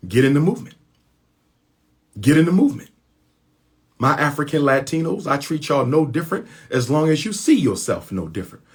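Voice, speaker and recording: A man's voice: on the high side, husky. A man speaking in an impassioned monologue to his followers, using repetition and rhetorical questions in colloquial speech.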